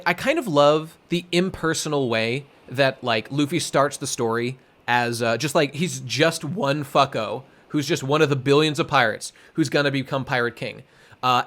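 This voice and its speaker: A young man co-hosting a podcast in casual chat, rambling excitedly with many fillers and some swearing. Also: mid-range voice. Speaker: podcast co-host.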